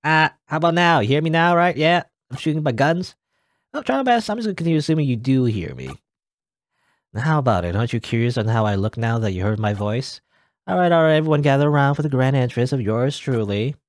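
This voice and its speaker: A man's voice: mid-range voice, lively intonation, fast, no echo, studio quality, natural voice. A man voicing a smug, chatty male guardian angel in a game, breezy and teasing. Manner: breezy, teasing, self-satisfied.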